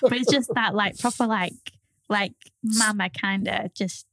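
A woman's voice: medium pitch, steady tone, unhurried, a bit bright, dry recording. A woman in her thirties with a Liverpool accent, co-hosting a casual podcast, chatty and laughing often, swearing freely as she tells stories. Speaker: podcast co-host. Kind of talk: casual chat.

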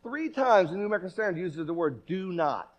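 High-voiced, animated male preacher. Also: quick pace. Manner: animated, emphatic, repetitive questions. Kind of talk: sermon. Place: church.

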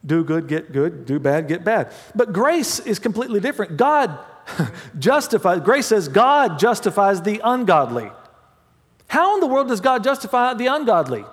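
A man preaching a sermon as pastor, mixing humorous family stories with hushed prayer. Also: sits high, very animated, moderate pace, husky. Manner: dramatic swings from loud to hushed prayer; humorous storytelling with laughs. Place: church sanctuary. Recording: long hall reverb.

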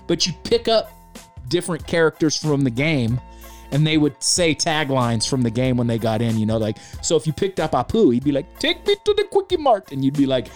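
A man's voice: medium pitch, a little fast, soft background music. A man in his forties hosting a podcast, chatting casually in a laid-back, rambling way, often calling the listener man or dude. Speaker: podcast host.

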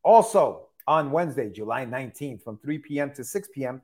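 A man's voice: mid-range voice, animated, brisk, darkish tone. A man co-hosting a podcast, talking in a laid-back, joking way. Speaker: podcast co-host. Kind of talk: casual chat.

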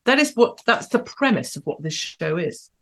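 Sarcastic woman host, lowish voice. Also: very animated, moderate pace. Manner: provocative, sarcastic, big swings in pitch and loudness. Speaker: host of an online show. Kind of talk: live-stream commentary with chat.

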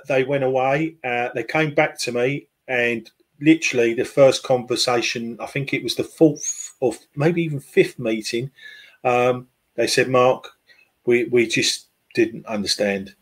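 A man's voice: medium pitch, a little slow. A man, a podcast guest, talking casually and hesitantly with many fillers and restarts. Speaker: podcast guest, football club fan liaison. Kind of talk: casual conversational interview.

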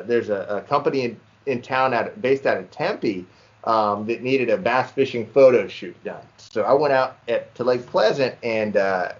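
A young man casually telling a lively fishing story to friends on a podcast and calling them "dude" a lot. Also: mid-range voice. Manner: animated storyteller, says "dude" often. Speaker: podcast co-host. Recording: slightly dull lo-fi sound.

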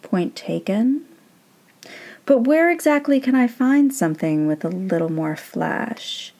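A woman's voice: mid-range voice, lively intonation, a little slow, mellow. A woman reading aloud and voicing Death, a weary, blunt male figure who haggles grudgingly. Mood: dry. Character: weary, dry-witted male Death in a sackcloth robe.

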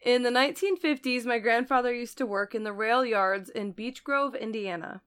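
A woman's voice: a little high, moderate pace, clean tone. Laughing woman reading a story aloud. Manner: laughs often, animated storytelling. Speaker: podcast co-host reading listener stories.

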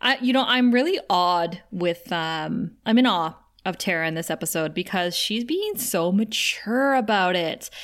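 A woman co-hosting a podcast, chatting casually as she recaps a TV episode, acting out quoted lines and laughing often. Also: lowish voice. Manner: animated retelling with quick quoted dialogue and frequent laughs. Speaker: podcast co-host.

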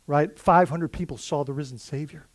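A man preaches in a fairly high voice, earnest and chatty, often restarting his sentences. The sound is dry and close, with no room echo. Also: normal speed. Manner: earnest, conversational preaching with many fillers and restarts. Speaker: pastor. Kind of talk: sermon.

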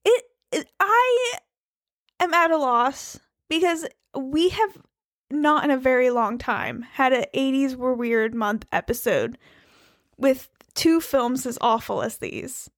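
Bubbly high-voiced podcast woman. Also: unhurried, no echo, clean studio sound. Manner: playful, bubbly, jokey. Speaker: podcast co-host. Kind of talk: casual chat.

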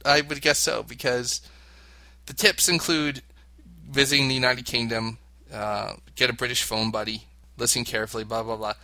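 Man reading tips aloud, tense and sharp tone, dry close sound, giggly co-host. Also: medium pitch, fairly even intonation, moderate pace, gravelly, dry recording. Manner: giggly, reads text aloud. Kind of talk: reading aloud in casual chat.

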